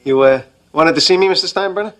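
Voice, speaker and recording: A man's voice: fairly high pitch, fast talker, fairly bright tone, soft background music, lightly acted. An actor playing a nervous, hesitant male office employee in a sitcom clip. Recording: sitcom clip with background noise.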